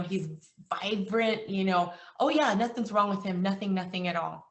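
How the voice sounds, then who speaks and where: A woman's voice: mid-range voice, a bit bright, distant mic. Earnest woman trainer in an echoey room. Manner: earnest, emotional, retells calls with quoted dialogue. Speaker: insurance agency trainer. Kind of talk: motivational sales training talk.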